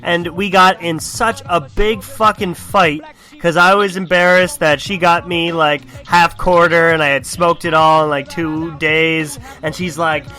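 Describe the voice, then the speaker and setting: Rambling bright-voiced young man podcaster. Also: a little high, steady tone, unhurried. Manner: rambling, profane, self-deprecating. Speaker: podcast host. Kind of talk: casual podcast chat.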